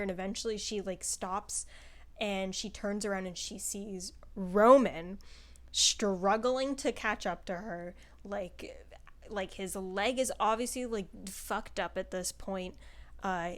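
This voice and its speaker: A woman giving a casual, rambling spoken book review, full of filler words and swearing, laughing often as she talks. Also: medium pitch. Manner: chatty and rambling, with frequent "like" and profanity; laughs often while talking.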